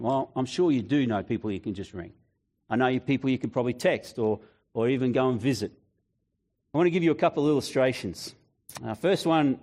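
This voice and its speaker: A man's voice: mid-range voice, a little mellow. A man preaching a conversational sermon, telling personal stories and speaking directly to the congregation.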